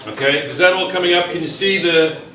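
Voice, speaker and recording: Teaching chemistry at a whiteboard, a man speaks in a fairly high, bright, forceful voice at a brisk pace, repeating himself and asking students how they're doing. The mic is distant, a camera in the room, and the classroom echoes with faint noise.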